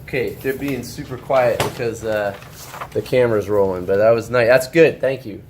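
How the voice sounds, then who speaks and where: A man teaching a high school shop class, walking students through a drawing step by step, checking in often and joking with them. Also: moderate pace, noisy background. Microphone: camera held by a student.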